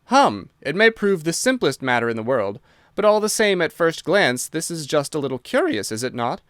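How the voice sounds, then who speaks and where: A man voicing a sharp, dry-witted male detective who speaks in a measured, thoughtful way. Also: fairly high pitch, sing-song, clear, resonant tone, dry recording. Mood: musing.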